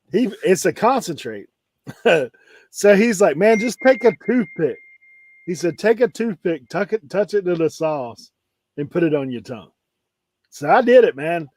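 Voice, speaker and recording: A man's voice: a little high, a little mellow, no room sound. A man telling rambling stories in a casual chat, laughing often. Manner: laid-back rambling storyteller, laughs often. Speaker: co-host reseller.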